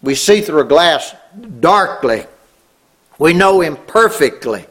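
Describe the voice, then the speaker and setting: Slow husky-voiced man preaching. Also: animated, a bit bright. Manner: slow, earnest, swelling up on key words then dropping low. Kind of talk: sermon.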